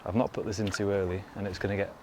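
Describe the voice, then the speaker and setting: A man's voice: fairly low pitch, flat delivery, rapid-fire, a little mellow, a little hiss or hum. A young man talking casually to the camera as a fitness vlogger, outdoors in a garden, chatty and rambling with lots of "you know" asides. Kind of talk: casual vlog talk to camera.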